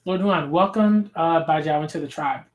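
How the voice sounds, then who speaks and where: A man voicing a battle-hardened mountain tribe warrior tells of grim old events from a manga. The voice sits fairly high and stays close to an everyday speaking tone. The reading is halting, with small slips and self-corrections along the way. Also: close to an everyday voice, poor audio. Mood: grim recounting.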